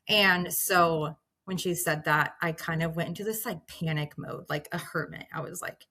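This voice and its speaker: A woman in her thirties telling her own story as a patient, animated and acting out her past reactions, close to tears at times. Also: on the low side, normal speed. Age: 30s. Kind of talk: emotional personal storytelling.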